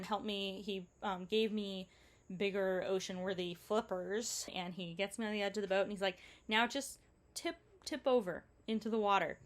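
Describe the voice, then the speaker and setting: A woman tells a travel story in a chatty, relaxed way. She acts out what others said in animated quotes. Her voice sits at an ordinary pitch for a woman. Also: moderate pace. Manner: chatty, animated retelling with quoted dialogue and laughs. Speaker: travel vlogger.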